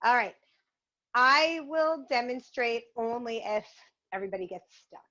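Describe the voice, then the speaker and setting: A woman's voice: a little high, expressive, moderate pace, pushed and bright. A woman leading a virtual yoga and mindfulness class, guiding poses and a game in an upbeat, encouraging way. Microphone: video call. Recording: muffled video-call audio.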